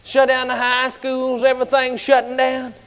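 Man, preacher, fiery sermon, colloquial, high voice, long hall echo. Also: completely flat delivery, normal speed, smooth. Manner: fiery, shouting, colloquial storytelling. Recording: large hall with long reverb.

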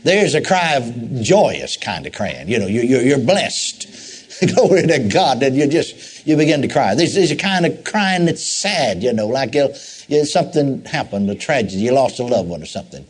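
A man's voice: medium pitch, very animated, moderate pace, breathy edge. A male preacher giving a sermon in a folksy storytelling way, with repeated phrases and asides to the congregation.

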